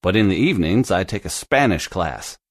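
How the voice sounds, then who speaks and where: A man's voice: low voice, lively intonation, brisk, no room sound, clean studio sound. A man voicing an earnest young office worker. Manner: earnest, reassuring. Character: young male office worker, eager to please. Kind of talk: scripted dialogue for a language lesson.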